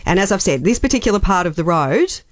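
An Australian woman co-hosting a radio show, telling a story with lively, acted-out quotes. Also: medium pitch, fast talker, dry recording, clean studio sound. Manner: expressive, acts out quoted voices. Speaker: radio co-host. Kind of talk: animated storytelling chat.

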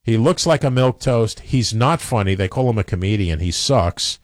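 A man's voice: on the low side, expressive, normal speed, dry recording, clean studio sound. A man co-hosting a casual chat, opinionated and rambling, often stammering and restarting.

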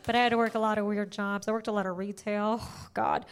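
A young adult woman from the United States performing a brash, animated stand-up comedy set and laughing at her own jokes. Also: medium pitch, quick pace, noisy background.

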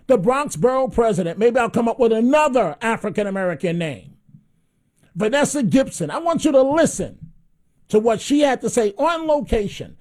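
Guy hosting call-in radio, pretty high voice, blunt and mocking, says stuff over and over. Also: lively intonation, moderate pace, a little mellow. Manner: blunt, mocking, repeats himself. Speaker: radio talk show host. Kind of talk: combative talk radio.

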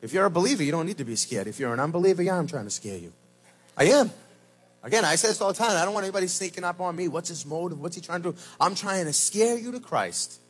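A man pastor preaching a sermon at a church service, swinging from shouted lines to low, slow emphasis. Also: big pitch swings, breathy edge.

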